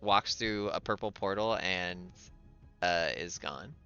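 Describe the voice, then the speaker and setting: A man's voice: sits low, slow, bright, forceful tone, clean tone, lo-fi sound, faint music behind. A man narrating a tabletop game as dungeon master in a casual, rambling way. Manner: casual, rambling, many fillers.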